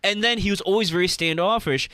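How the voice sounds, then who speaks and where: A man's voice: high-pitched, quick pace, clean tone, dry recording. A male comedian guest in a radio studio, telling a story and acting out what people said. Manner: animated, acts out quotes.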